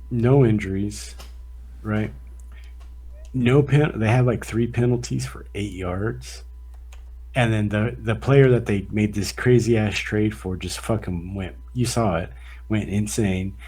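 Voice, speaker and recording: Husky man in rambling sports chat. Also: fairly low pitch, unhurried. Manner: rambling, profane, animated sports talk. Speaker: podcast co-host. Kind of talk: casual chat.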